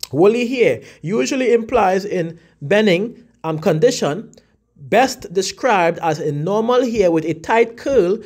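A man giving a casual scripture lesson, talking conversationally and slowing down to read definitions aloud. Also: high-pitched, a little mellow. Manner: frequent fillers and restarts. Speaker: religious teacher.

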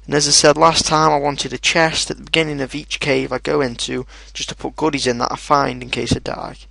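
Gravelly, swearing game commentator. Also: male voice, mid-range voice, brisk, no room sound. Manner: excitable, swears a lot, shouts at his in-game dogs. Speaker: gaming video host. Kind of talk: casual let's play commentary.

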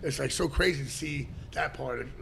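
A middle-aged man, a podcast guest telling stories in a loud, animated way and swearing freely. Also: medium pitch, brisk, slight background noise. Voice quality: gravelly, animated, swears a lot and shouts during stories. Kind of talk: casual storytelling.

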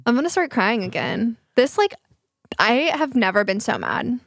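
Woman, 20s, podcast host, animated storyteller with a slightly high voice. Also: moderate pace, creaky, no echo, clean studio sound. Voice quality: animated storyteller, acts out quotes, swears casually. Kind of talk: casual chat.

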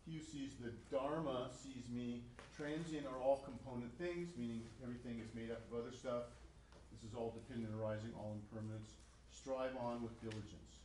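A man's voice: mid-range voice, reverberant, a little hiss or hum, rough recording. A man lecturing to a class as a psychology professor, casual in tone, with frequent fillers and restarts.

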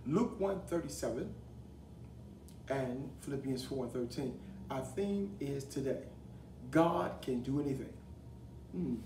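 A man preaching a broadcast sermon as an apostle, leading call-and-response and building to fervent, shouted declarations. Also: medium pitch, expressive, slow, long pauses. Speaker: apostle and pastor. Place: studio desk setting. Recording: roomy echo, distant mic, faint hiss.

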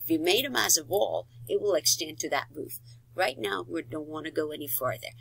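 A woman giving a step-by-step software tutorial, talking through each click with fillers and quick self-corrections. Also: deep voice, lively intonation, vocal fry, husky, poor audio. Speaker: instructor.

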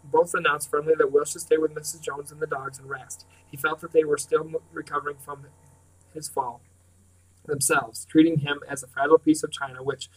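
A man reading a novel aloud in a measured way, often clearing his throat and restarting words. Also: fairly high pitch, little pitch movement. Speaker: reader. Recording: distant mic.

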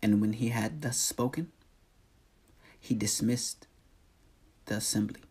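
A man reading scripture aloud in a slow, deliberate, solemn manner, announcing verse numbers. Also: fairly low pitch, darkish tone, breathy edge. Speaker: scripture reader.

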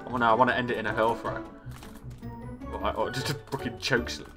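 A man's voice: mid-range voice, steady tone, fairly quick, over loud music. A man chatting casually and teasing playfully while he plays a game, laughing often. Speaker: gaming video co-host. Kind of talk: casual gameplay chat.

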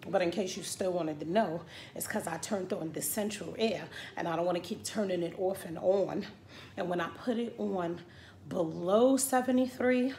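A middle-aged woman chatting casually to camera from her home, sassy and animated, sliding from murmured asides into loud rants. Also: lowish voice, a little hiss or hum. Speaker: vlogger. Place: at home indoors. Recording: echoey room with faint ambience.

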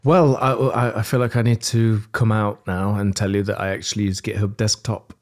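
A man chatting playfully as a podcast guest, full of jokes and quick asides. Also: on the low side, level tone, a little mellow. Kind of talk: casual chat.

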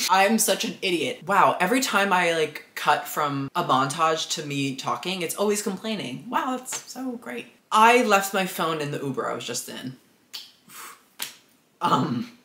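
A man's voice: a little high, animated, a little slow, bright, forceful tone, echoey room, a little hiss or hum. Dramatic, gushing young vlogger man. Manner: dramatic, self-deprecating, gushing. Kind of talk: casual vlog chatter.

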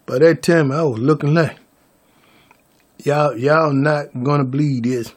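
A man's voice: on the high side, steady tone, a little slow, husky. A man vlogging a story to his viewers, stammering through restarts and calling them y'all.

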